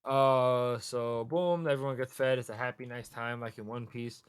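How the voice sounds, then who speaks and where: Animated man recapping, close and dry. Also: mid-range voice, smooth, dry recording. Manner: animated, swearing, acting out characters in quick voices. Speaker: podcast co-host. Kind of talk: casual chat recapping a manga chapter.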